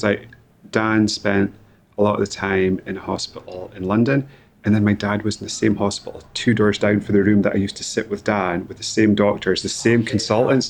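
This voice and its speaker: A man in his thirties speaks in a low voice as an interview guest. He talks about loss haltingly and repeats his words often. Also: gravelly. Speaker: guest, company founder. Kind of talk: emotional interview conversation.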